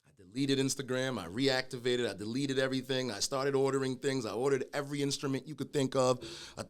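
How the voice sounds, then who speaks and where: A middle-aged man, a guest telling his own story in a casual conversation, animated and acting out the voices of people he quotes. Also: mid-range voice, quick pace. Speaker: guest, clothing brand founder.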